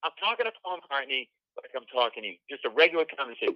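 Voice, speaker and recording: A man from Rhode Island, a comedian guest, telling an animated story with acted-out quotes on a talk show. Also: mid-range voice, rapid-fire, no echo, lo-fi sound. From Rhode Island, USA.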